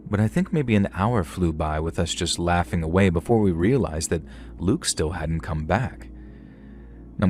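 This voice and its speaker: A middle-aged man narrating a first-person horror story in a measured, dry storytelling manner. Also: low voice, a little mellow.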